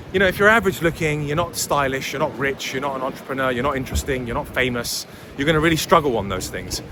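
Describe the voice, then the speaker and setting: Brief: blunt young male vlogger, lively swooping delivery, slightly high voice, faint street traffic behind. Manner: blunt, opinionated, swears. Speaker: dating and life coach. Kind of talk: casual vlog monologue.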